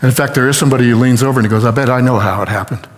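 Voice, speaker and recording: A man's voice: mid-range voice, rapid-fire. A male pastor tells a story from the pulpit and jumps into the voices of its figures. His voice sits in a middle range and rings with the long reverb of a large hall. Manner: animated retelling with acted-out quotes. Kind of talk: storytelling sermon.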